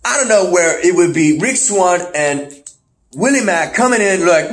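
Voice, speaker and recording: A man's voice: high-pitched, expressive, moderate pace. A man hosting a podcast, casually recapping wrestling shows and acting out the wrestlers in put-on voices. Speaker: podcast host.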